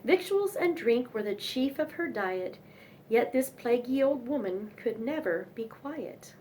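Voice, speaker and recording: Young woman reading old nursery rhymes, lilting voice, chatty bits in between, quiet room w/ light hiss. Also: a little high, expressive, a little slow. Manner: sing-song, chatty asides between poems. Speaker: teacher reading poems aloud.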